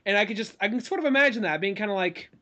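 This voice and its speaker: A man's voice: high voice, lively intonation, rapid-fire, pushed and bright, muffled recording. A man in his twenties co-hosting a podcast, talking casually in a loose, profane, musing way. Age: 20s. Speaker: podcast co-host. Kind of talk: casual chat.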